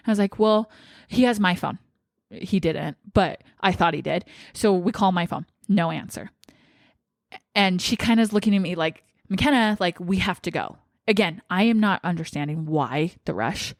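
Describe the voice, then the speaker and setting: A woman's voice: mid-range voice, no room sound, studio quality. A young woman telling a personal story to her viewers in a chatty way, acting out what everyone said. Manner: chatty, animated retelling with quoted dialogue. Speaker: vlogger. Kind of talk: casual storytelling to camera.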